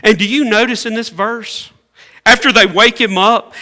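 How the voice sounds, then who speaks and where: A man preaching a sermon as pastor, swinging between loud calls and hushed asides. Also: high voice, moderate pace. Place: church sanctuary. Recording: echoey church hall.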